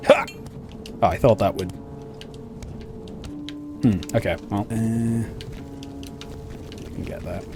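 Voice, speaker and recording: A man giving casual, excitable commentary while playing a video game, laughing often. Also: deep voice, takes it slowly, vocal fry, pauses often, music in the background. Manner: excitable, laughing, chatty asides. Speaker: gaming channel host.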